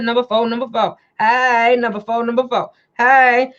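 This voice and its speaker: Chatty high-pitched lady hosting a live stream, keeps repeating stuff, kinda muffled lo-fi sound. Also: moderate pace. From Chicago, USA. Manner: animated, chatty, repeats phrases. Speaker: show host and financial coach. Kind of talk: casual livestream talk.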